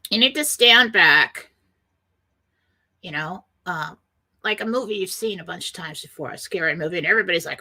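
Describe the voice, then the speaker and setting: Bright-voiced woman radio host. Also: mid-range voice, animated, moderate pace. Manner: earnest, rambling, quotes panicked voices. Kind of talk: spiritual self-help talk.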